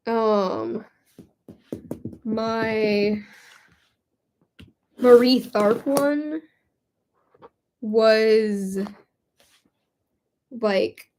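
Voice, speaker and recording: A young woman with a slightly high voice talks casually as she works on a quilt. She giggles often, rambles between thoughts and pokes fun at herself. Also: fairly even intonation, extremely slow, pauses often, darkish tone, a little hiss or hum. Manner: giggly, rambling, self-mocking. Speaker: crafting YouTuber. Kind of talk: casual chat while quilting.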